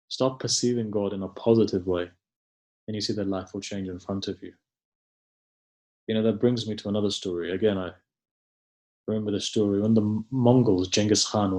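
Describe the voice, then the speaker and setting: A man's voice: on the low side, darkish tone. A male religious scholar delivering a sermon in a conversational storytelling manner, with frequent asides to the listeners. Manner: conversational, tells stories with frequent "you know" asides.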